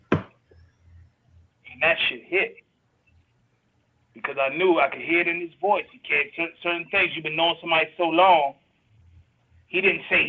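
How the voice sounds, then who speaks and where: Man, husky voice, halting heartfelt storytelling, phone-line sound. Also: a little high. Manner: halting, emotional, trails off mid-sentence. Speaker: friend on a talk show.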